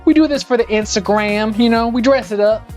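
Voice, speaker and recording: A man's voice: high voice, brisk. A man rambling sarcastically and animatedly in casual chat while he cooks live in his home kitchen. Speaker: live-streaming home cook. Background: faint music.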